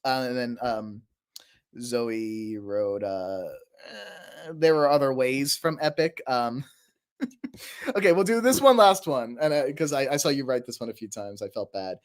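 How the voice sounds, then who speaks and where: A man's voice: medium pitch, lively intonation, measured pace. A young man chatting casually on a livestream, rambling and laughing at himself, his throat a little sore. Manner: rambling, laughing, self-deprecating. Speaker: streamer.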